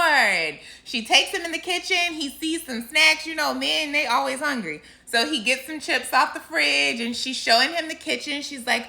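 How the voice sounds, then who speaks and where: A woman telling a story in a casual vlog. She is animated and laughs often as she goes. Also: high voice, normal speed, creaky, few pauses. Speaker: Christian vlogger.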